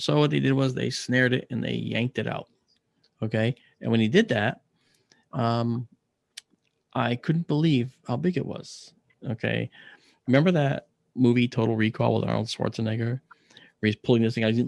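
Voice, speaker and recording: Gravelly man telling a personal story. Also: mid-range voice, normal speed, no room sound, clean studio sound. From United States. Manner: animated, acts out quoted voices. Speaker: interview guest.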